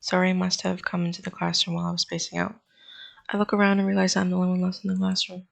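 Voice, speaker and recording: A woman's voice: on the low side, monotone, quick pace, creaky. A woman hosting a gaming channel, reading a visual novel's narration aloud with dry, wry asides.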